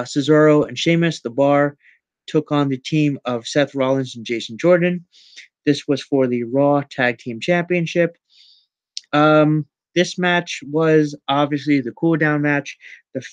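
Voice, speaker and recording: A man's voice: fairly high pitch, dry recording, highs cut off. A man hosting a wrestling news show, recapping matches in a rambling casual way with many ums and self-corrections.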